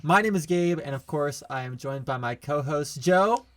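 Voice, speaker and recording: A man's voice: fairly high pitch, lively intonation, moderate pace. A young man hosting a casual sports podcast, upbeat and joking. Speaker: podcast host.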